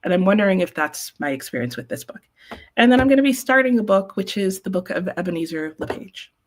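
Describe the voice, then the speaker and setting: With a medium-pitched, expressive voice and a quick pace, a sleepy-sounding woman rambles and chats casually with viewers as host of a live reading sprint stream. A little hiss or hum sits in the audio.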